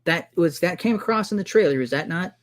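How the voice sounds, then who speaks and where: A man in a heated online debate, talking fast over the other man with exasperated outbursts and insults. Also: a little high, expressive. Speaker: debater defending the trailer.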